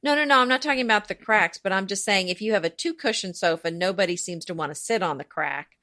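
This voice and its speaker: A woman with a bright, crisp voice joins a casual chat as a co-host. She makes practical points and drops dry quips. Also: medium pitch, animated, fast talker. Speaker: podcast co-host.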